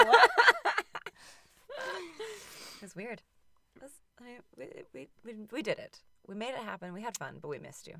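A woman's voice: a little high, huge pitch swings, measured pace, long pauses, fairly bright tone, dry recording. A woman co-hosting a podcast in casual chat, giggly and stumbling over names as she reads. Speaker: podcast co-host.

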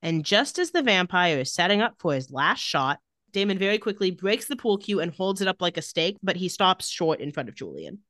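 A woman's voice: lowish voice, a little fast, dry recording, clean studio sound. Sarcastic woman recapping scenes. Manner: sarcastic, retells scenes by reading lines in a flat voice. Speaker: podcast co-host recapping a TV episode. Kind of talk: casual chat.

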